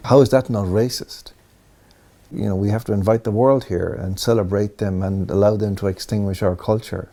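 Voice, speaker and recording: A man's voice: low-pitched, gravelly, mellow, slightly rough. An Irish man giving a documentary interview, arguing his points earnestly and steadily. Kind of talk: talking-head interview.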